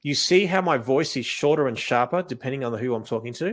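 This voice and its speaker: Animated man coaching wedding photographers. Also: mid-range voice, fast. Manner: animated, acts out what he says to couples, many restarts. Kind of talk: casual coaching talk.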